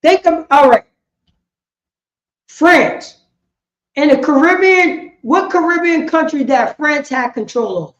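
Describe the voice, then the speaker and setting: A woman's voice: sits high, lively intonation, takes it slowly, long pauses. A woman leading an informal group lesson, quizzing her listeners and often asking "you know what I'm saying?". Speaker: class leader. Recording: echoey room, dull muffled sound.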